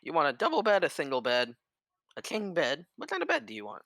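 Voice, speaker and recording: A man's voice: huge pitch swings, fast, gravelly, fairly bright tone, no echo, exaggerated voice. A man voicing a fussy, eager-to-please male innkeeper in a tabletop game, in a raised, hesitant voice. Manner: chatty, hesitant, pitched up.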